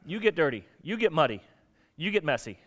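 A man's voice: a little high, very animated, fairly quick. Conversational man preaching a sermon. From United States. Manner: conversational, acts out quoted voices. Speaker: pastor.

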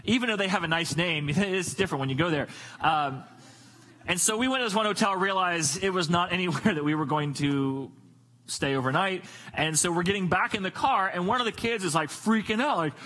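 A middle-aged man preaching a sermon in an animated, joking storytelling manner. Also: fairly quick, poor audio. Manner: animated, jokey storytelling with sudden pitch jumps. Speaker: pastor.

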